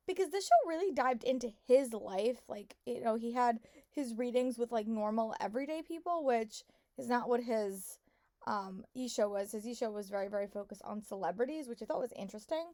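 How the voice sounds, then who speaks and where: A young woman talking casually in a reading vlog, gushing and repeating herself, her voice hoarse and congested. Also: a little high, a little mellow, no room sound. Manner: gushing, lots of "like" and repeated "really". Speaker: book vlogger.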